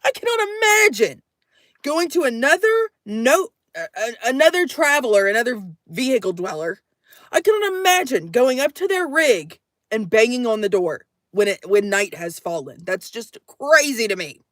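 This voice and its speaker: A young woman telling a story to her camera from inside her minivan, jumping between loud acted quotes and hushed asides. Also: on the high side, sing-song, moderate pace, no echo, clean studio sound. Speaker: vlogger.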